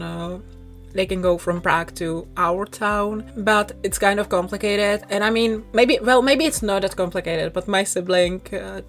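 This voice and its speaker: A young woman with a Czech accent chats casually in a slightly low voice, rambling and a little self-conscious, often breaking into small laughs. Soft music plays faintly behind her. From southern Bohemia, Czech Republic. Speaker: YouTuber. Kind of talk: rambling casual chat over a speedbuild. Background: soft background music.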